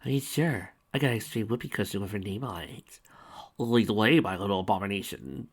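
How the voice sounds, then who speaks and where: A man's voice: fairly low pitch, a little fast, slightly rough. A man voicing a mischievous, giggly prankster pony girl in a fan fiction reading, playful and goofy. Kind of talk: fan fiction read aloud.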